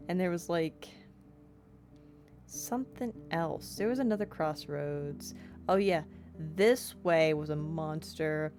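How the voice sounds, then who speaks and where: A woman's voice: sits low, takes it slowly, darkish tone, soft background music. A young woman streaming a game, chatting playfully and rambling about her progress. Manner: chatty, playful, self-described yapper. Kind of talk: casual let's-play chat.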